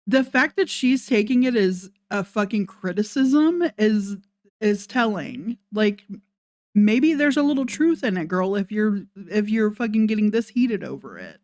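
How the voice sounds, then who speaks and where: A woman's voice: mid-range voice, expressive, a little slow, a little mellow, no room sound, studio quality. A woman giving sarcastic reaction commentary, laughing between her points. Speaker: commentary host.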